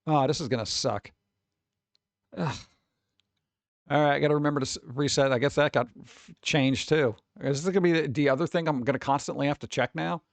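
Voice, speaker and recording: A man's voice: a little high, brisk, creaky, no room sound. A man streamer chatting casually and rambling with his live chat, swearing freely and talking straight to his viewers.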